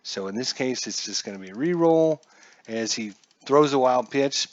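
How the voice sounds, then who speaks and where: A man's voice: mid-range voice, lively intonation, normal speed, muffled recording. A man calling a solo tabletop dice baseball game in a casual play-by-play, chatty and jokey, talking to himself as he checks his charts.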